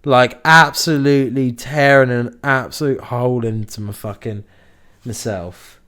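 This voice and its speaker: A young man in a casual podcast chat, telling a sweary, animated story and acting out the people in it. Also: medium pitch, measured pace, clear, resonant tone. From Liverpool area, England. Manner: sweary, animated anecdote-telling with acted quotes. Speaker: podcast host.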